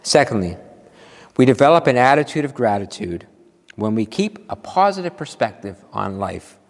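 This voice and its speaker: A man preaching a sermon as minister, playful and animated, drawing out his exclamations slowly for effect. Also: mid-range voice. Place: church sanctuary. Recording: long hall reverb.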